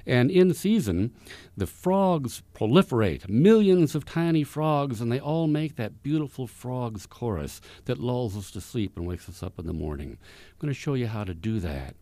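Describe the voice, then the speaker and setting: A man's voice: mid-range voice, big pitch swings, moderate pace, warm tone, dry recording. A man hosting a folk music radio show, telling stories and folklore in a folksy, rambling way from a studio.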